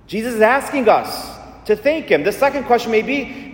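A man's voice: very high voice, animated, moderate pace, few pauses. A man preaching an earnest, repetitive sermon as a Catholic priest in a church. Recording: echoey church with long reverb.

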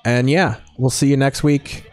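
A man's voice: medium pitch, steady tone, unhurried, faint music behind. A man from the Chicago area hosting a casual podcast chat, joking in a sardonic, crude way. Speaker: podcast host.

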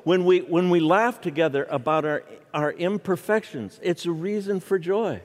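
Speaking in a high voice at normal speed, a middle-aged guest preacher delivers a funny sermon full of stories. He's animated and jokes with the congregation, and the church hall adds reverb.

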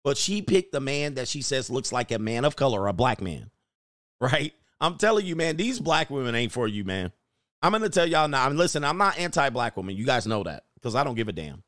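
A middle-aged man talks through his commentary in a loose, slangy, sermon-like way, breaking into laughter now and then. His voice sits at an ordinary pitch. The room sound is dry and close. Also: very animated, fairly quick, a bit bright, no echo. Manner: slangy, preachy, laughing asides. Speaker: host. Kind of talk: casual commentary.

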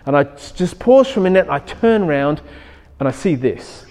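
A man preaches a sermon, slipping into a personal story that he tells with lively energy and acts out in voiced asides. His voice sits a little high for a man, and it rings with the long reverb of a large hall. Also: brisk. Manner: animated storytelling, acting out his own thoughts. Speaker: pastor.

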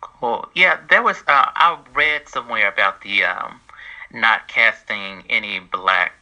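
A man's voice: on the low side, unhurried, pushed and bright, rough recording. A man interviewing a guest, asking questions with the eagerness of a fan. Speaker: interviewer, podcast host. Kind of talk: casual interview.

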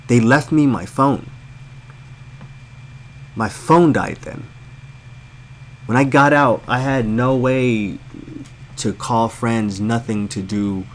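An American man telling a story as a blunt, heated, profanity-filled rant to his viewers. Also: mid-range voice. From United States. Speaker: storyteller ranting to camera.

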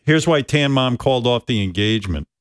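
A man's voice: medium pitch, animated, fairly quick, dry recording, clean studio sound. A man hosting a talk radio show, wry and teasing as he sets up the segment.

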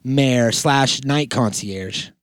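A man hosting a casual comedic chat, talking in a rambling, deadpan, joking way with lots of fillers. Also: medium pitch, very slow, smooth, dry recording, clean studio sound. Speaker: podcast host.

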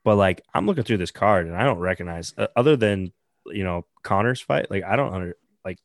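A man's voice: deep voice, fairly quick, no room sound, studio quality. A man co-hosting a casual podcast chat, rambling with lots of fillers. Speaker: podcast co-host.

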